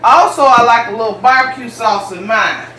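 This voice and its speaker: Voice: mid-range voice, normal speed, bright, forceful tone, distant mic. A home cooking show host with a Southern US accent, chatting folksily to viewers while walking through a recipe step by step. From Jacksonville, Florida, US. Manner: chatty and folksy, talks straight to viewers as y'all. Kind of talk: casual cooking demonstration. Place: home kitchen. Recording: roomy kitchen, off-mic, faint background hum.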